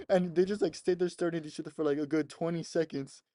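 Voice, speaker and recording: A man's voice: a little high, fairly even intonation, quick pace, dark tone, dry recording. A young man co-hosting a podcast, chatting casually and laughing often as he retells funny clips. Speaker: podcast co-host. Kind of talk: casual chat.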